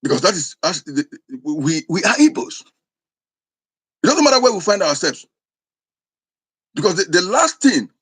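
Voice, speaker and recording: Husky man with an Igbo accent. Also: fairly high pitch. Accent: Igbo Nigerian. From Igbo land, Nigeria. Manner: forceful, repetitive, emphatic. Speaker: speaker. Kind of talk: impassioned monologue.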